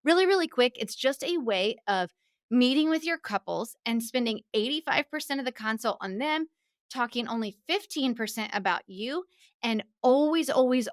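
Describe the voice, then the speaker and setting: A woman's voice: a little high, fairly bright tone, dry recording, studio quality. A woman hosting her own podcast, talking upbeat and emphatic, often repeating words for stress. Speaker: podcast host. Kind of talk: solo podcast monologue.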